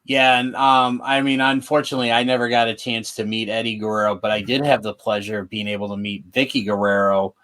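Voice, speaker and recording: Halting man on a podcast. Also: on the low side, flat delivery, fairly bright tone. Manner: halting, full of restarts and fillers. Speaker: podcast co-host. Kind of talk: casual podcast chat.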